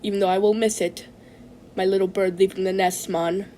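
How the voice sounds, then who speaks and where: A woman telling a comic story in character, rambling with halting restarts and tacking "man" onto nearly every phrase in a mock-serious, droning delivery. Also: mid-range voice, little pitch movement, dark tone, a little hiss or hum. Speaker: comedic vlogger telling a story.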